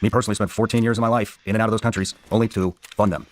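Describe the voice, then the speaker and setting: A man's voice: fairly low pitch, fairly even intonation, racing. A middle-aged man hosting a talk show, speaking bluntly and swearing often in heated casual conversation. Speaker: podcast host.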